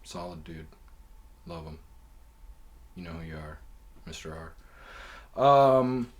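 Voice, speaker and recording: A man's voice: low-pitched, animated, slow pace. A man hosting his own show, telling a rambling story in casual, profane talk full of fillers. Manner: profane, loose and conversational with many fillers. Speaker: podcast host.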